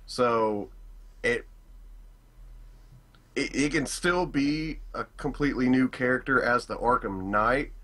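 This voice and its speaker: A man's voice: medium pitch, slow, long pauses, a bit bright. A young man co-hosting a video game chat, rambling with lots of fillers, swearing and voicing strong opinions. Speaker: gaming channel co-host. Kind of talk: casual chat.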